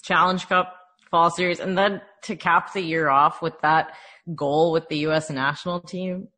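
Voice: medium pitch, fairly even intonation, moderate pace, pushed and bright. A panelist on a casual sports podcast, speaking with enthusiasm and light joking.

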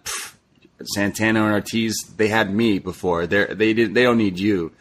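A man's voice: fairly low pitch, fairly even intonation, normal speed, a bit bright. A man co-hosting a podcast, recapping a wrestling show in a loose, jokey way with plenty of swearing. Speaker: podcast co-host. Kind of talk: casual wrestling recap chat.

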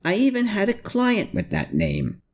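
A slippery, sardonic lawyer under questioning, put on by a male audiobook reader, his voice pitched higher than the reader's own and swinging up and down a lot. He fends off every question with dry, defensive quips. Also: expressive, measured pace, gravelly, darkish tone, exaggerated voice. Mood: wry, defensive.

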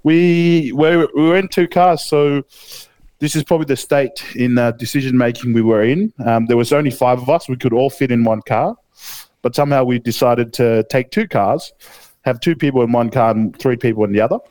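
On a podcast, a young Australian man spins out a lengthy, easygoing story as co-host, full of swearing and filler words. He speaks at a moderate pace in a medium-pitched, fairly even, slightly mellow voice with a clean tone and a dry recording.

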